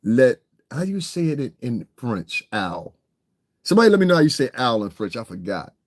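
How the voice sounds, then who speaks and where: A man giving a profane, confrontational, mocking rant as an online hip hop commentator, swinging between shouting and muttering. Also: mid-range voice, sing-song, moderate pace. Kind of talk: ranting streamed commentary.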